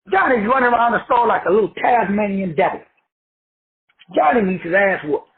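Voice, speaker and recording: A man's voice: high voice, expressive, fairly quick, pauses often. A man giving a rambling, profane motivational talk with a street-preacher cadence. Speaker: motivational speaker. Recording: tinny phone-like audio with faint background noise.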